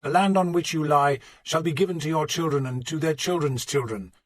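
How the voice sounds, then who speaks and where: A man putting on a hoarse, fervent old archbishop. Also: high voice, moderate pace, slight background noise, pitched above the performer's own voice, close to an everyday voice. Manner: fervent, rising declamation. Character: stern old archbishop preaching a funeral sermon.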